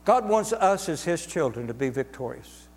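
A man's voice: on the high side, big pitch swings, a little mellow, faint music behind. Emphatic male preacher in a reverberant church. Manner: emphatic, drawn-out preaching with repetition. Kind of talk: sermon. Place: church sanctuary.

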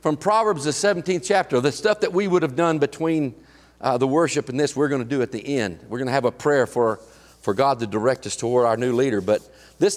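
A man preaching a sermon, telling folksy stories in a halting way with many restarts. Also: medium pitch, in a large hall. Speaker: pastor. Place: church sanctuary.

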